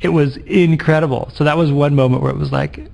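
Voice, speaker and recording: A man's voice: on the high side, brisk, gravelly. A father eagerly recounting his son's birth, repeating himself as he goes. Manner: excited, repetitive storytelling. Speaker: interviewee, father.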